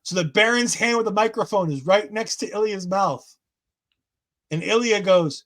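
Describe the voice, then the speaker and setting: A man with a notably high voice, talking as a podcast host. He recaps events in a lively, enthusiastic way. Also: normal speed. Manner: enthusiastic, acts out quotes in voices. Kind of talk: casual wrestling recap chat.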